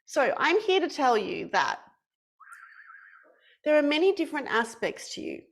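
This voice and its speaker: A young woman teaching an online class for children, telling a story in an animated, playful, sing-song way. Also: high-pitched, a little slow, vocal fry.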